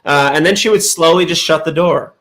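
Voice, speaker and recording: Male co-host, casual chat, animated storyteller, a touch higher pitched. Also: brisk. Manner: animated storyteller, acts out sounds and voices.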